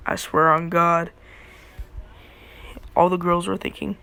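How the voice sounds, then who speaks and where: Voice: medium pitch, level tone, takes it slowly, creaky, pauses often, pushed and bright, clean tone. A storyteller rambling casually through a fan story, full of "like," laughing at their own jokes.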